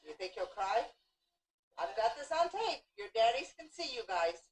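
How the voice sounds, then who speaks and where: A woman's voice: on the high side, big pitch swings, normal speed. A woman filming her small children at home, talking to them in a playful, coaxing way. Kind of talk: home video chat. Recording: roomy home video from far off.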